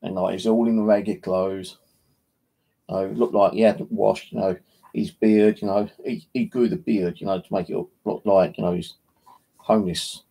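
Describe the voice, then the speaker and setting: A man's voice: fairly low pitch, fairly even intonation, moderate pace, vocal fry, warm tone, slightly rough. A man hosting a paranormal channel, chatting casually in a rambling, sweary way with constant filler. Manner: rambling, sweary, heavy "you know" filler. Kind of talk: casual livestream chat.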